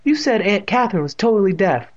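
A man's voice: high-pitched, sing-song, fast, lo-fi sound, voice pushed up. A man voicing an anxious young boy who is glum and sarcastic. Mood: puzzled.

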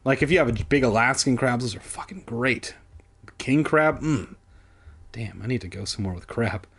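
Husky man rambling through a comic reading. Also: mid-range voice, normal speed, fairly bright tone. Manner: self-deprecating, profane rambling asides. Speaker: podcast host reading a kids' book aloud. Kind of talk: comedic book reading with asides.

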